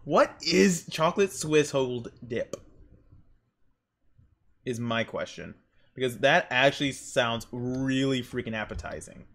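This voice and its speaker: A young man streaming while he draws, rambling through excitable stories and exclamations. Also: mid-range voice, slow pace, creaky, pauses often. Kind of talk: casual chat while drawing on stream.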